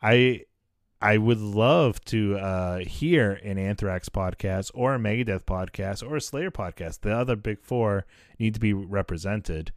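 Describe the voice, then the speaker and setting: A man's voice: lowish voice, unhurried, dry recording, clean studio sound. A man hosting a podcast, bantering and laughing often in casual chat. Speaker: podcast host.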